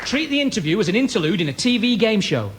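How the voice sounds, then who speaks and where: A man's voice: sits high, very animated, fast, some chatter behind, slight background noise. A British man performing a comedy sketch live, giving tongue-in-cheek advice in an instructive tone. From Britain. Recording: live show with loud audience laughter.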